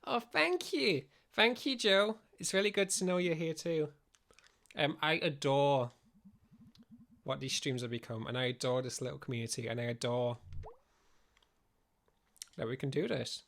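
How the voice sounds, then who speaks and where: A man's voice: mid-range voice, fairly even intonation, moderate pace, gravelly, long pauses. A man streaming a game live through a studio mic with a pop filter, chatting and thanking viewers over and over.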